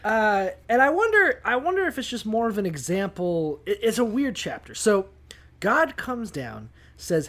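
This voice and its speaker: A man co-hosting a casual podcast, rambling, swearing often and acting out quick quotes. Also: high voice, sing-song, fairly bright tone. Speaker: podcast co-host. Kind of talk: casual profane chat.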